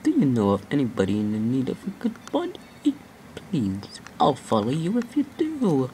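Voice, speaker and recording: A melancholy talking snowman from a video game, reading his lines in a slightly theatrical way, as a woman puts him on. The voice stays very low and swings up and down expressively. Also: wildly swooping pitch, normal speed, warm tone, slight background noise, exaggerated voice, low-quality recording. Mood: mournful. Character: lost-headed talking snowman, mournful and wry.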